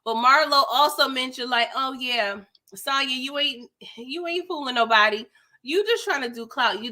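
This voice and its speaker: A woman's voice: a little high, bright, forceful tone. A young woman giving a sassy, slangy, casual recap of a reality TV episode, full of "like" and "girl".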